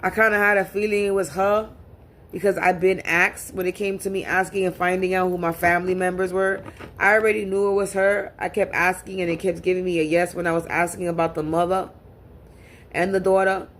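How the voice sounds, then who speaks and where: A woman's voice: lowish voice, little pitch movement, brisk, a bit bright, a little hiss or hum. A woman speaking to camera in a casual monologue as a spiritual reader, talking bluntly and profanely and often repeating words as she restarts.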